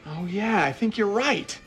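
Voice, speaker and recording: A man playing a goofy, excitable adult in a sitcom, zany and loud. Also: sits high, slow pace, soft background music, exaggerated voice. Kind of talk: sitcom acting.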